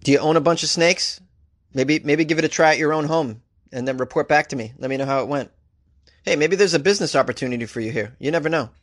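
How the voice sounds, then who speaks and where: A male talk show host reading out odd news stories and mocking them sarcastically, with big jumps in pitch. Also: quick pace. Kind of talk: comic news commentary.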